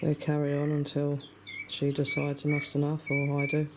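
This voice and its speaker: A man in a casual video diary, chatty and exasperated, often talking to his birds in a high coaxing voice outdoors in a garden. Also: completely flat delivery, moderate pace, background noise. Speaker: backyard poultry keeper filming his birds.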